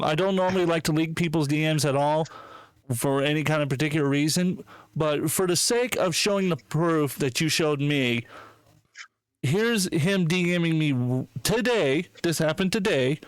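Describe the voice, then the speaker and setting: A man with a slightly raised pitch hosting a casual podcast, swearing freely and sounding incredulous. The sound is dry and close on the mic. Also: no room sound. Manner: profane, incredulous, excitable. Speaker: podcast host.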